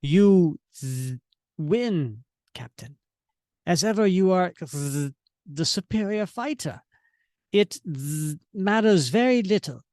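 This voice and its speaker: A cold, gloating cyborg scientist whose speech keeps snagging on mechanical stutters, voiced by a man reading a comic aloud. The voice sits a little high and moves at an unhurried crawl. The sound is close and dry. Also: expressive, a little mellow, no echo. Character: cold villainous male cyborg scientist, glitching.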